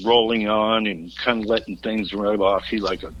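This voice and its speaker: A man's voice: lowish voice, steady tone, moderate pace, fairly bright tone, lo-fi sound, slight background noise. A rock singer in his fifties, a podcast guest, telling wild road stories in casual chat, laughing through them, swearing freely and cracking jokes. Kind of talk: raucous storytelling in casual chat.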